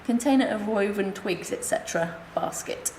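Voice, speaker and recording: A woman speaking at a conference, reading her comic memoir aloud in a wry, deadpan way. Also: medium pitch, normal speed. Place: hospital conference room. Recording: echoey lecture room, faint hiss.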